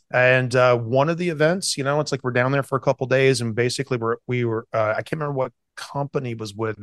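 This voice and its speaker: A man's voice: medium pitch, fairly bright tone, no echo. Guy rambling through a story on a podcast mic, dry close sound, lots of uh and like. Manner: rambling with many restarts and fillers. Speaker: podcast co-host, chef. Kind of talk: casual chat.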